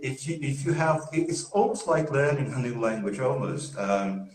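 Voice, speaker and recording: A man's voice: medium pitch, normal speed. Brazilian man telling stories in a roomy echo. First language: Portuguese. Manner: lively storyteller, chuckles often. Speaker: guest English teacher. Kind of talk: casual live interview.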